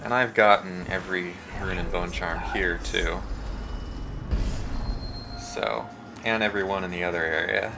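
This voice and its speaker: A man's voice: low-pitched, steady tone, a little slow, vocal fry, pauses often, background noise. A young man narrating his gameplay, joking and self-mocking with rambling asides. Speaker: let's play host. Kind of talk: gameplay commentary.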